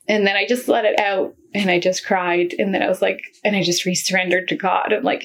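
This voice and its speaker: Low, gravelly woman telling her faith story. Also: fairly even intonation, brisk. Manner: earnest, rambling, many fillers. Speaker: guest sharing testimony. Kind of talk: casual personal testimony.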